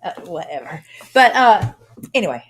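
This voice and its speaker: A woman's voice: fairly low pitch, very animated, moderate pace, slight background noise. A woman from Louisiana co-hosting a casual livestream, chatty and folksy, laughing often. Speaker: co-host of a livestream. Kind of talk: casual chat.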